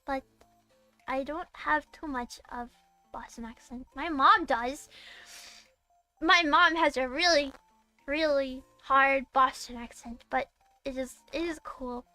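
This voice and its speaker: A young woman from Massachusetts chats casually on her live stream in a high, sharp, bright voice, rambling and giggling, with plenty of "um" and false starts. The sound is dry and close, with soft music playing faintly behind her. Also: takes it slowly, long pauses, dry recording. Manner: rambling and giggly, with many fillers and restarts. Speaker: VTuber streamer.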